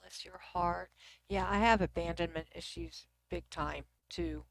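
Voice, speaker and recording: Sitting at her computer, a middle-aged woman from Texas chats with livestream viewers and reads their comments in her Texan accent. She speaks a little slowly in a fairly low, steady voice with vocal fry, now and then sinking to almost a whisper.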